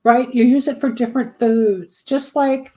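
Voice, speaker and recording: A woman host with a slightly high voice talks in a loose, chatty way. She explains things through homely examples. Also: steady tone, a little slow, warm tone. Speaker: host, candle magic practitioner. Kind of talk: casual talk show chat.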